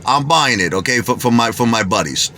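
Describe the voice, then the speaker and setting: A man's voice: medium pitch, brisk, slight background noise. A man from Bensonhurst with a Brooklyn accent, telling a boastful story with street talk and oaths that he doesn't lie. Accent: Brooklyn New York. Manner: animated, street-talking, swears he doesn't lie. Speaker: vlogger.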